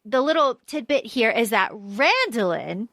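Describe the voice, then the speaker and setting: A woman's voice: fairly high pitch, sing-song, a little slow, fairly bright tone, dry recording. A woman co-hosting a casual book podcast, chatty and swearing freely as she acts out characters' lines. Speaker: podcast co-host.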